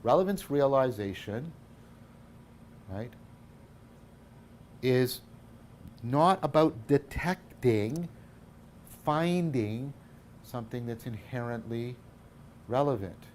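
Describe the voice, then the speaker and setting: A man giving a philosophy lecture, thinking aloud, correcting himself often and tagging points with "right?", his loudness swinging between emphatic and hushed. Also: medium pitch, a little hiss or hum.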